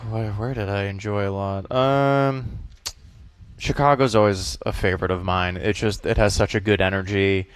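A man from the Boston area with a faint Boston accent, a comedian guest talking in a casual, animated, jokey way. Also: on the low side, unhurried, smooth. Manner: animated, jokey, slips into character voices. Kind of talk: casual interview chat.

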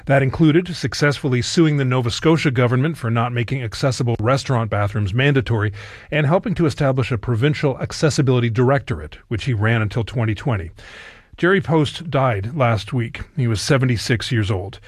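A man presenting a news item on the radio in a measured, formal scripted read. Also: medium pitch, no room sound, studio quality. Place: radio studio.

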